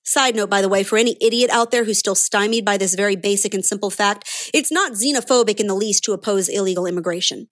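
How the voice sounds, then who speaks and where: A woman's voice: mid-range voice, fast, few pauses. A woman delivering a sarcastic, indignant political opinion monologue as a commentator.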